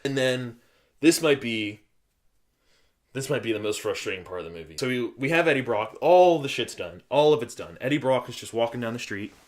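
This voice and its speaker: A young man hosts a casual solo movie review, retelling scenes in a rambling, filler-heavy way. His voice sits at an ordinary middle pitch for a man. He talks loosely and conversationally, acting out bits of dialogue as he goes. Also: expressive, fairly quick. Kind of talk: casual spoiler review monologue.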